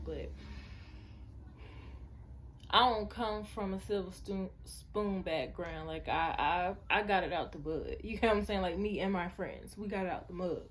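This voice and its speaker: A woman's voice: lowish voice, unhurried, a bit bright, slight background noise. A woman in her twenties telling her personal story in a vlog, chatty and earnest, talking straight to her viewers. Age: 20s. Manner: chatty, addresses viewers as y'all. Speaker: vlogger.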